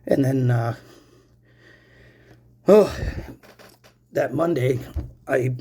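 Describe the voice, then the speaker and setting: A man's voice: medium pitch, very slow, dark tone, a little hiss or hum. A man in his forties ranting angrily to camera, swearing often and calling out to viewers as "people" while he smokes. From Pennsylvania, US. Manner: angry and profane, addresses viewers as "people"; smoking while talking. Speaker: vlogger. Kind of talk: angry personal rant to camera.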